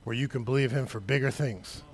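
A man preaching a sermon, talking straight to the congregation, building to shouted peaks and then dropping low and quiet. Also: fairly quick, slightly rough. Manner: conversational, addresses the congregation directly.

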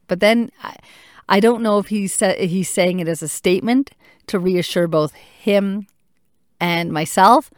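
A woman in her thirties, a mother speaking candidly and reflectively, thinking aloud with pauses. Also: medium pitch, dry recording, clean studio sound. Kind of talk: personal talk to camera.

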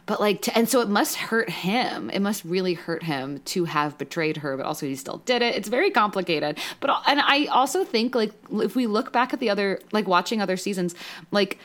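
A woman's voice: mid-range voice, a little fast. Rambling young woman recapping a show. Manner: rambling, many "like" fillers, emotional and animated. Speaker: podcast co-host. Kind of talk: casual recap chat.

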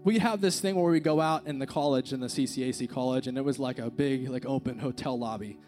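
With soft music in the background, a young man speaks at a church service as a youth speaker, using a handheld microphone. His mid-range, slightly mellow voice moves quickly as he tells a personal story in an earnest, casual sermon full of fillers like "like" and "dude."

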